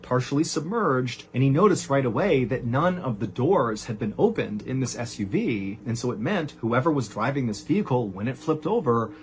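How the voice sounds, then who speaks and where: A man hosting a storytelling show, narrating a true horror tale in a conversational way, full of "and so" and "like", dropping low and quiet at grim moments. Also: a little hiss or hum. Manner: animated, rises high for quoted cries; conversational, uses "like" and "and so". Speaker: storyteller host.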